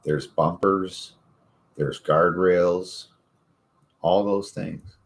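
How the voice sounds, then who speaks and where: A man's voice: low-pitched, fairly even intonation, extremely slow. A man in his forties, a podcast host, telling stories in casual, profane chat. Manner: profane, easygoing storytelling.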